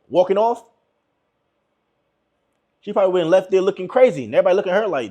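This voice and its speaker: A man's voice: sits high, animated, quick pace, long pauses, warm tone. A young man giving relationship advice to viewers in a casual, emphatic monologue, repeating his points and calling listeners bro.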